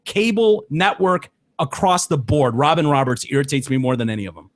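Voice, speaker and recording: Casting: slightly high-voiced man, blunt and profane podcast ranter, close dry mic. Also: animated, a little fast, no echo. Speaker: podcast co-host. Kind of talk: casual sports chat.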